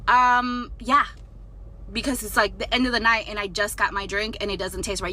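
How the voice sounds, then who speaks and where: A woman telling a story in casual vlog style, blunt and profane, animated as she retells it. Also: medium pitch, moderate pace. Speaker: storytime vlogger.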